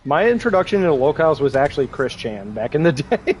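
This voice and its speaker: A young man talks loosely while he plays a game on stream, his voice sitting a little high. He rambles from story to story, swears freely and keeps breaking into laughter. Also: big pitch swings, a little fast, darkish tone, slight background noise, poor audio. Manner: rambling, laughing often, crude. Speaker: gaming streamer. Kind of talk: casual chat while gaming.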